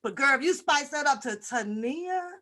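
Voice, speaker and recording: A woman's voice: high-pitched, expressive, normal speed, bright, forceful tone. A woman hosting a casual livestream, greeting viewers one by one and joking in a brash, profane way. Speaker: livestream host.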